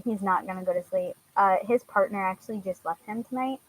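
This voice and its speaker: A young woman chats casually with her viewers, stopping often with fillers. She laughs easily and talks in a relaxed, everyday voice of middling pitch. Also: brisk, a little hiss or hum, low-quality recording. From Washington, US. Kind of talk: casual chat answering viewers.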